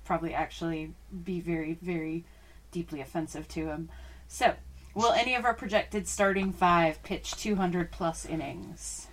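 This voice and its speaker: A woman's voice: fairly low pitch, steady tone, moderate pace. A woman hosting a casual sports podcast, chatty, laughing easily and reading out listener questions. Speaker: podcast host.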